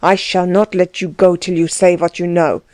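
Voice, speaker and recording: A woman voicing a gruff, overbearing middle-aged man who questions people curtly and pushily in a storybook reading. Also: lowish voice, little pitch movement, moderate pace, a little mellow, no echo, close to an everyday voice. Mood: menacing. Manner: curt, pushy questioning.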